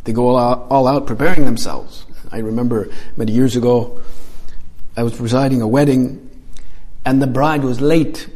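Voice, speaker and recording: A man's voice: mid-range voice, fairly even intonation, normal speed, mellow. A man preaching a homily as a priest, talking conversationally with frequent fillers and repeated phrases.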